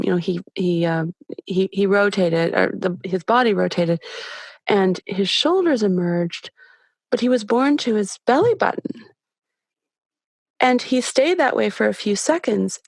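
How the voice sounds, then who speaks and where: A middle-aged woman guest telling her story candidly, with many halting restarts. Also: mid-range voice, no room sound, studio quality. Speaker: podcast guest. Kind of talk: personal storytelling.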